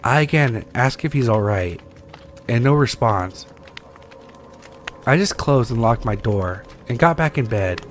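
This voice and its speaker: A man reading scary stories aloud with a steady storytelling delivery that slows for tense moments. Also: mid-range voice, faint music behind. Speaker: story reader.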